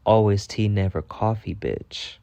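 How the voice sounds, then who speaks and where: Male vlogger, low mellow voice, dry close sound; profane storytime rant, animated. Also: measured pace, vocal fry, smooth, no echo. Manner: profane, animated, repeats himself for emphasis.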